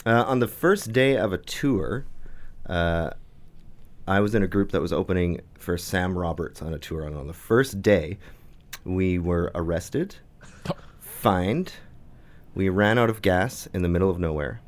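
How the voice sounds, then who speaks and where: A man's voice: deep voice, unhurried. A young man on a comedy podcast, a guest musician telling stories and laughing at himself. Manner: giggly, self-deprecating, trails into laughter. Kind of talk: casual comedy podcast chat.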